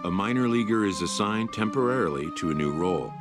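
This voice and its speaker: A man voicing a calm, serious narrator in a sports video game, with a measured, solemn delivery. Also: fairly low pitch, natural voice. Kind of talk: scripted narration. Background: background music.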